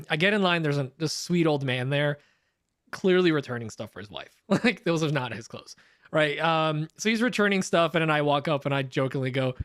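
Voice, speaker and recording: Young guy cohosting a podcast, high lively voice, laughs a lot, tells stories all animated. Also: moderate pace, no echo, clean studio sound. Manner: laughs often, animated storytelling. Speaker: podcast co-host. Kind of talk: casual chat.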